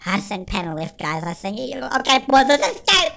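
A performer voicing an excitable cartoon chipmunk in a sped-up chipmunk filter, giving panicky, shrieky game commentary as the channel host. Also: medium pitch, a little fast, gravelly, heavily acted. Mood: frantic. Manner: shrieky, panicky, constantly shouting to friends. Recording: noisy game sounds behind.

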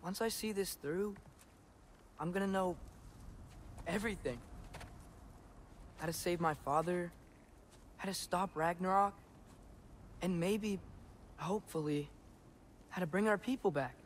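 A man's voice: high-pitched, measured pace, pauses often. An actor voicing an earnest, curious teenage boy god in a video game. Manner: earnest, searching. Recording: game audio with steady background noise.

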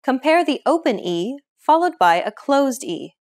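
A young adult woman hosting a language lesson, explaining in a clear, measured scripted way. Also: high-pitched, very animated, darkish tone.

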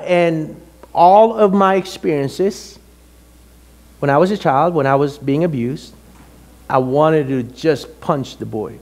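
Animated man pastor preaching a testimony. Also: a little high, unhurried. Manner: animated, emotional storytelling. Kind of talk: personal testimony in a sermon.

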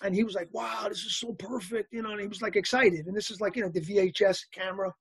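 Male interview guest, husky and lively, telling anecdotes in a dry, close recording. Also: sits high, rapid-fire, no room sound. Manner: animated anecdotal storyteller, acts out quotes. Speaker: actor guest. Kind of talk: casual storytelling interview.

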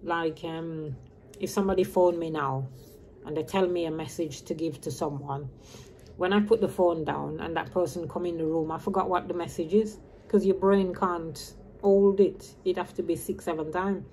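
A woman in her fifties who grew up in Birmingham chats to camera in a loose, meandering vlog, dropping her H's. Her lowish voice is steady and a little mellow at normal speed, with slight background noise.

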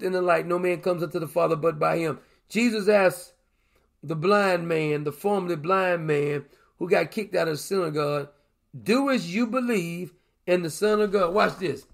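A man preaching a sermon, retelling scripture in lively everyday speech and acting out the people in it. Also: sits high, creaky. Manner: folksy, dramatizing scripture in vernacular voices.

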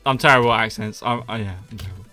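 A man's voice: on the low side, very fast, pushed and bright, soft background music. A young man with a Doncaster Yorkshire accent chatting jokily on a live stream while building in a game, often laughing and muttering counts under his breath. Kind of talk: casual live-stream chat while gaming.

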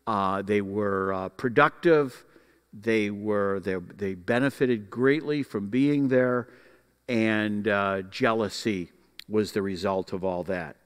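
A man's voice: fairly low pitch, takes it slowly, clean tone, long reverb tail. Folksy man teaching a Bible class. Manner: folksy, explanatory, with frequent uh fillers.

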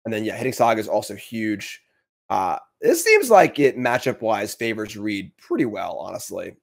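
A man casually commentating a card game match, chatty and quick to laugh, with lots of fillers and restarts. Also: fairly low pitch, very animated, gravelly.

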